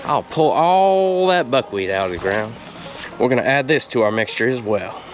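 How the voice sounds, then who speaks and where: A folksy man talks his way through planting in a yard, drawling and deadpan as he slips in innuendo. His voice sits at an ordinary middle pitch for a man. Steady outdoor noise runs under him, with the odd vehicle going by. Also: moderate pace, dull audio. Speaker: gardening show host. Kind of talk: comedic gardening tutorial.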